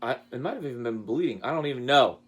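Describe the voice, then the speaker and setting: Chatty man telling animated stories. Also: fast, slightly rough. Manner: chatty, animated storytelling with lively pitch jumps. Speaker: high school choir director. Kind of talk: casual award speech with anecdotes.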